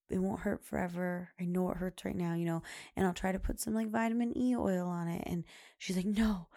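A woman's voice: on the low side, vocal fry, dark tone. A young woman hosting a podcast, talking in a rambling, chatty way full of "like" and "you know". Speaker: podcast host. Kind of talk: casual chat.

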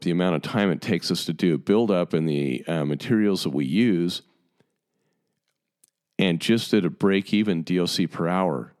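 A man's voice: low-pitched, darkish tone. A man in his fifties, a dentist of long standing, delivering an impassioned and exasperated monologue to his colleagues, repeating and stressing his points. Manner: emphatic, exasperated, repeats himself.

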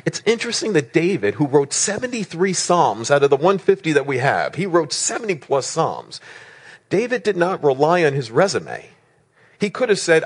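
A man's voice: a little high, big pitch swings, normal speed. A male preacher giving a sermon in an emphatic way, asking rhetorical questions and building lists of words.

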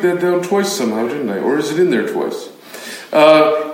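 A man's voice: a little high, expressive, normal speed. A man preaching a conversational sermon, emphatic and chatty, with asides to his listeners. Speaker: pastor teaching a Bible study. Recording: very echoey room.

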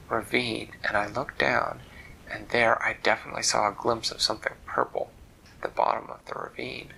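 A man's voice: lowish voice, gravelly, pushed and bright, a little hiss or hum, poor audio. A man telling a fantasy story aloud, leisurely and repeating words for effect. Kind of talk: oral storytelling.

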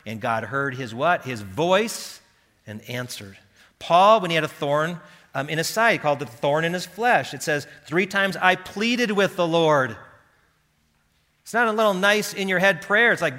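A man preaching a sermon with passion, dropping to hushed tones and rising to loud pleading. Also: fairly high pitch, animated, moderate pace. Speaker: pastor. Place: church hall. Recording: reverberant hall.

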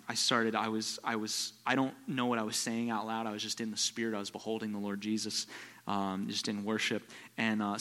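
Man, pastor, sermon, bright forceful voice, swings from quiet to loud, long reverb of a church hall. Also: lowish voice. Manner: storytelling preacher, swings from quiet to loud bursts. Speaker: visiting pastor.

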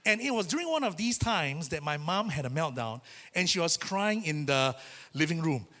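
A man preaching a sermon in a church, telling a personal story in a lively, chatty way and acting out the voices he quotes. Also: fairly high pitch, moderate pace. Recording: reverberant church hall.

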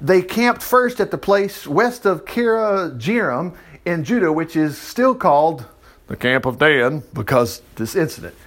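A man's voice: a little high, very animated, a little slow, fairly bright tone. A man reading scripture aloud and breaking off for folksy, chatty asides. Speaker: Bible teacher. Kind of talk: reading scripture with casual commentary.

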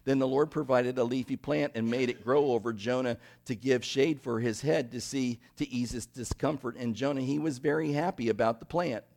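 A male pastor preaching a conversational sermon, animated and often checking in with the congregation. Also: medium pitch, moderate pace, creaky, hardly any pauses.

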